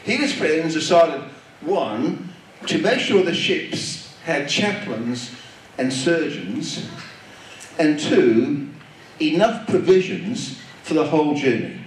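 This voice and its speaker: A man delivers a sermon in an emphatic, repetitive preaching cadence. His voice sits a little high and rises and falls with great animation. He speaks slowly, and the recording is captured from a distance in a very echoey hall. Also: big pitch swings, a little hiss or hum.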